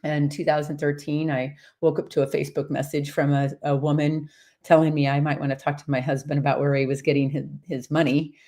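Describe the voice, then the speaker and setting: A woman in her fifties casually telling a personal story, rambling and animated, with lots of fillers and laughter. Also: deep voice, a little fast. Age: 50s. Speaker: horse-based coach and community host.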